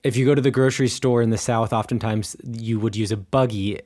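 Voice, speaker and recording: A man's voice: medium pitch, fairly even intonation, brisk, a little mellow. Rambling American man, casual podcast chat. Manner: loose, rambling, heavy on "like" and "um". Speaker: podcast co-host.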